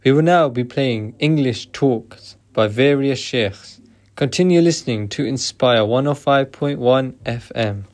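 A man's voice: medium pitch, unhurried, a little mellow. A man reading a station announcement as radio announcer, plain and formal.

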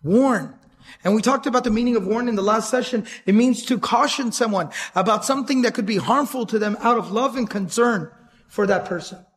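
A man teaching an educational lecture series on the life of the Prophet, earnest and emphatic, repeating his key points and reciting Arabic verses quickly. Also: sits high, slight background noise. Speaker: Islamic teacher.

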